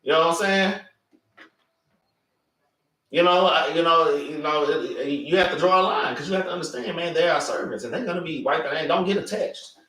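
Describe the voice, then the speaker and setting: A man leading an informal preaching class, animated and street-casual, tagging "man" onto his sentences. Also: a little high, moderate pace. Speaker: class teacher. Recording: echoey room, mic far off.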